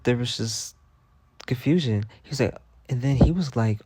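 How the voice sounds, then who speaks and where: A man's voice: mid-range voice, normal speed, husky, no echo. A young man telling stories in a casual vlog rant, profane and dramatic. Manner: profane, dramatic, animated retelling. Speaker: vlogger.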